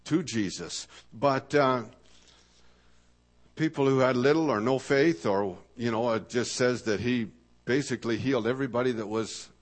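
A man preaching a sermon in a thoughtful, searching way, slowing down to stress key words and asking rhetorical questions. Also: mid-range voice. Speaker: pastor.

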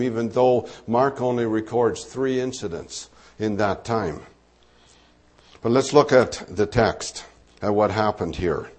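A man's voice: fairly low pitch, a little mellow. A man preaching a sermon, teaching through a Bible passage in a conversational way, with asides and fillers.

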